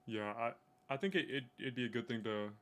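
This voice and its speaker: A man's voice: medium pitch, a little fast, fairly bright tone, smooth. A young man in casual chat, coaching a coworker on sales, swearing freely and making his points bluntly. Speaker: sales rep.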